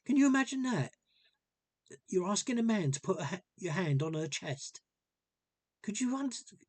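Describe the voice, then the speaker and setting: Husky-voiced man rambling earnestly. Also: high-pitched, lively intonation, normal speed, a little mellow, dry recording. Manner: rambling, repeats himself, earnest. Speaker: vlogger telling a personal story. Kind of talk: casual storytelling monologue.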